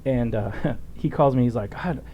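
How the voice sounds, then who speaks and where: A middle-aged man hosting a podcast interview, telling stories in a blunt, profane, animated way. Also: medium pitch, moderate pace, highs cut off, a little hiss or hum. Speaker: podcast host, former police officer. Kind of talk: casual storytelling interview.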